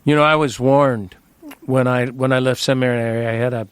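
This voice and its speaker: A man's voice: mid-range voice, steady tone, normal speed, clean tone, dry recording. A man hosting a reflective conversation, affirming and thoughtful as he draws out his guest. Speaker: host.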